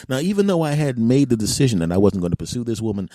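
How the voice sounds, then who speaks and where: A man hosting a podcast, telling a comic story in an animated, self-mocking way and acting out voices. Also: mid-range voice, racing, hardly any pauses, no room sound, clean studio sound. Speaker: podcast host. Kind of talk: comedic storytelling monologue.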